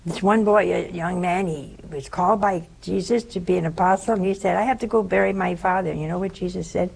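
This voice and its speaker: Older woman with a gravelly, husky voice. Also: on the low side, a little fast, poor audio. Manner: animated storytelling, acting out voices, dropping to whispers. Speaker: religious sister giving a talk. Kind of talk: storytelling sermon.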